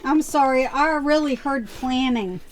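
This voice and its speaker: A woman's voice: sits high, a little slow, background noise. Skeptical woman quizzing her husband. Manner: questioning, skeptical. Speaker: co-host, wife. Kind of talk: casual chat. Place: basement seed-starting setup.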